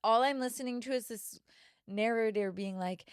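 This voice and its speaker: A woman's voice: on the high side, moderate pace, clean tone, no echo, studio quality. A young woman co-hosting a casual podcast, blunt and dramatic in her reactions, swearing often. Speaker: podcast co-host. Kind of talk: casual chat.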